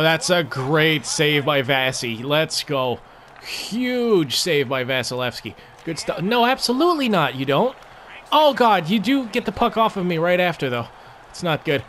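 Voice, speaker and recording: A young man casually commentating his own gameplay, swearing a lot and jumping from low mutters to loud outbursts. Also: a little hiss or hum. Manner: excitable, swears often, swings from mumbling to yelling. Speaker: gaming commentator.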